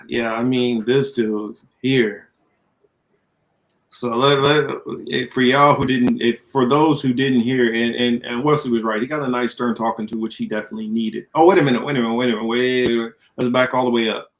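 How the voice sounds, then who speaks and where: A man's voice: mid-range voice, fairly even intonation, moderate pace. A man co-hosting a political podcast, talking in a loose, rambling way and reading viewer comments aloud. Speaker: co-host. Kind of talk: casual political podcast chat.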